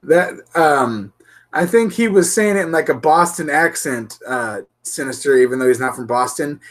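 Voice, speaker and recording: A man with an expressive, somewhat high voice talks at a normal speed while hosting an RC hobby show. He's goofy, laughs a lot, and chats casually with his live-stream viewers.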